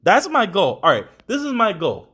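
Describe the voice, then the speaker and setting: A man's voice: sits high, huge pitch swings, moderate pace, pushed and bright, husky. A young adult man hosting a podcast, talking in casual, rambling chat full of slang and swearing. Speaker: podcast host.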